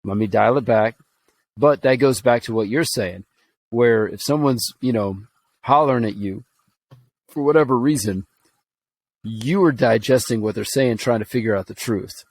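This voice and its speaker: A man co-hosting a podcast speaks earnestly in a mid-pitched, ordinary voice. His tone is reflective and conversational, working through his thoughts as he talks. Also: normal speed, poor audio. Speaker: podcast co-host. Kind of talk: casual chat.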